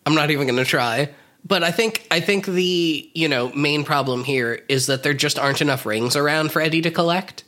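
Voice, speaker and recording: A man's voice: on the high side, a little fast, bright, forceful tone. A young man co-hosting a casual podcast, recapping the plot with wry asides. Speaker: podcast co-host. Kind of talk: casual comedic podcast chat.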